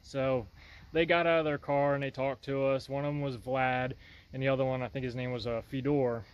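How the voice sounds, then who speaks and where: A man's voice: mid-range voice, flat delivery, fairly quick, clean tone, lo-fi sound. A man talking casually about his project in a workshop vlog, rambling and folksy. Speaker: vlogger.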